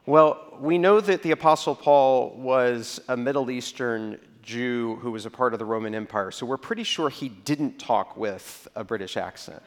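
A man preaching a sermon as a pastor, telling stories in a conversational way and dropping to a low voice to act out reactions. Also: moderate pace, hardly any pauses.

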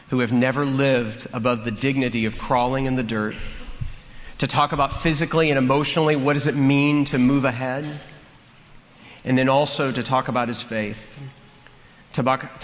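A man preaching a sermon, telling a funny story in an animated way and acting out the characters. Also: mid-range voice. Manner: animated, acts out the story with comic voices. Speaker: pastor. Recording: long hall reverb, faint room noise.

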